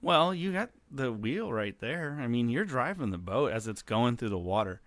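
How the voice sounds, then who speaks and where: A man's voice: mid-range voice, very animated, moderate pace, a bit bright, no room sound. A man co-hosting a podcast, telling a story with enthusiasm and frequent laughs. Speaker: podcast co-host. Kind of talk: casual storytelling chat.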